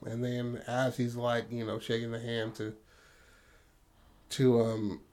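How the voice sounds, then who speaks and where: A man's voice: mid-range voice, completely flat delivery, slow pace, darkish tone. A man co-hosting a podcast, telling a story in a rambling, casual way and swearing freely. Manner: rambling, full of "you know what I mean", swears freely. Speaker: podcast co-host.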